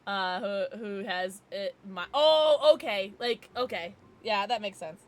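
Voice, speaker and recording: A woman's voice: medium pitch, animated, unhurried. A woman streamer chatting casually with her live viewers, giggling often as she reacts to the chat.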